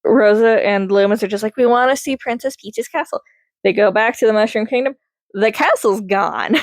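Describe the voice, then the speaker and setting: A young woman rambling casually through a movie review, chatty and excitable, laughing often. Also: medium pitch, no room sound.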